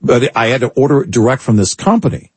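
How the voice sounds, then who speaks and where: A middle-aged male radio co-host with a husky, mid-pitched voice, recorded close and dry. He tells everyday stories with wry, animated emphasis. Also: fast talker, no room sound. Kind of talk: casual on-air talk.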